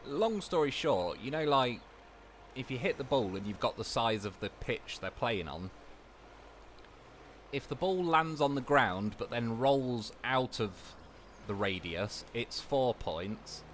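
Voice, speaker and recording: A man's voice: medium pitch, expressive, takes it slowly, a bit bright, a little hiss or hum. A young man livestreaming a game, chatting casually and rambling through anecdotes, swearing freely. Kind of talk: casual chat while gaming.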